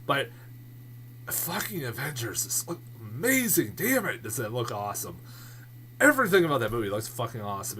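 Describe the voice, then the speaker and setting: A man casually reviewing movies in a vlog, rambling and excitable, swearing a lot and restarting his sentences often. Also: medium pitch, normal speed, a little hiss or hum. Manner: many fillers and restarts.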